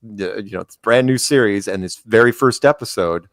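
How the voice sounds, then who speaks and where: A man guests on a podcast for a casual interview chat, telling rambling stories and acting out other people's quotes. His voice is fairly low and fairly quick, with clean studio sound and no room sound.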